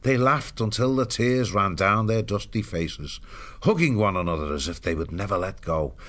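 A man narrating an audiobook in a steady, measured storytelling voice. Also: on the low side.

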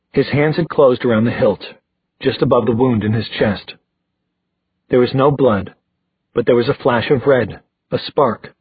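A man reading a novel aloud as an audiobook narrator, telling the story in an even, unhurried way. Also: mid-range voice, breathy edge, no echo, narrow, tinny audio. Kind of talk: scripted narration.

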